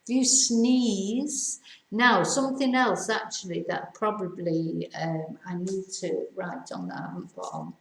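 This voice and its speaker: A woman's voice: medium pitch, animated. Woman teaching phrases in an echoey room. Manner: chatty, repeats phrases slowly for learners. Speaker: language teacher. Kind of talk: casual language lesson.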